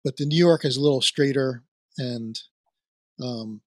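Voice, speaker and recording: A man's voice: medium pitch, unhurried, a little mellow, no room sound, studio quality. A man from near Trenton with a Philadelphia-area accent, hosting a casual interview and rambling through fillers and restarts. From New Jersey, near Trenton. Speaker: podcast host.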